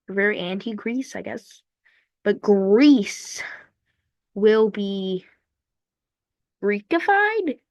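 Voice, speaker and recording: A woman's voice: medium pitch, gravelly, dry recording, dull audio. A woman giving casual, rambling commentary over a map, cracking jokes and playfully repeating words. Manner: playful, rambling, jokey asides; repeats words in sing-song fashion. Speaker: map video narrator.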